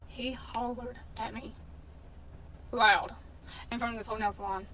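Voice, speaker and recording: A woman's voice: on the high side, steady tone, normal speed, long pauses, sharp tone. A woman in a casual storytime vlog, telling a story in a blunt, indignant way and swearing freely. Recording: distant mic with faint background noise.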